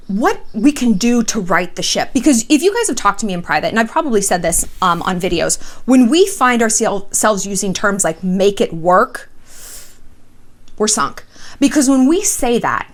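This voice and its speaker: Blunt, sassy woman vlogger. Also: medium pitch. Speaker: vlogger host. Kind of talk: celebrity gossip and relationship advice.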